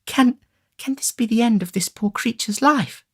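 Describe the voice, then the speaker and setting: A man's voice: very high-pitched, normal speed, husky, pitched above the performer's own voice. A man doing a tender, anxious young lady. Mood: imploring.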